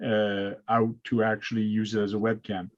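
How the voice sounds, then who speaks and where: A man's voice: on the low side, little pitch movement, moderate pace. A man hosting a casual hobby livestream, explaining things step by step with plenty of uh's over a video call. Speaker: host. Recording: lo-fi dull sound.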